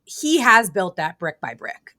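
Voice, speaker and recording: Bright, tense-voiced woman chatting playfully. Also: mid-range voice, big pitch swings, measured pace, no room sound, studio quality. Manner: playful, rambling storyteller. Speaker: podcast guest co-host. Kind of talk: casual chat.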